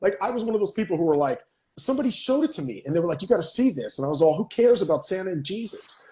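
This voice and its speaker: A man hosting a casual interview podcast, excitable and gushing, often restarting his questions mid-sentence. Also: high voice, very fast, echoey room. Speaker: podcast host.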